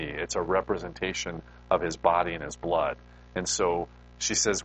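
A man's voice: low-pitched, fairly even intonation, moderate pace, a bit bright, slight background noise, low-quality recording. A male pastor giving a conversational sermon in an informal way, putting rhetorical questions to his listeners.

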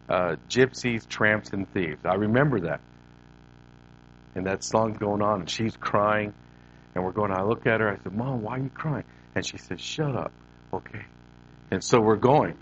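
A middle-aged man with a very low voice tells the story of his own childhood to a live audience. He speaks to them directly and acts out what he said as a boy. The sound is dull and lo-fi, with a faint hum underneath. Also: a bit bright. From Northern California. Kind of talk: personal testimony to an audience.

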